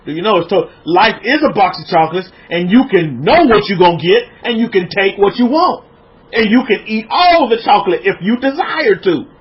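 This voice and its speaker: Very animated and high-voiced, an American man preaches at a normal pace in lo-fi sound to people watching his livestream. He calls out viewers' comments and keeps repeating words to build his points in a relaxed, informal sermon.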